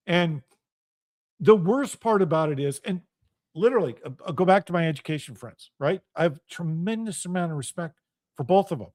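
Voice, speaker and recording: A man's voice: sits high, dry recording, clean studio sound. Ranting, profane middle-aged man. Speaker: radio show host. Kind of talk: heated solo monologue.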